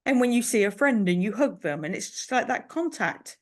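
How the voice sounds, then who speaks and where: A woman's voice: a little high, expressive, a little fast. A woman co-hosting a podcast, talking earnestly and reflectively in casual chat, with lots of "you know" fillers. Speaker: podcast co-host.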